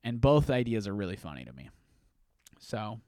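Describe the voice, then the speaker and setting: A man hosting a casual solo podcast, rambling through animated stories with frequent restarts. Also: fairly low pitch, moderate pace, dry recording, studio quality. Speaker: podcast host.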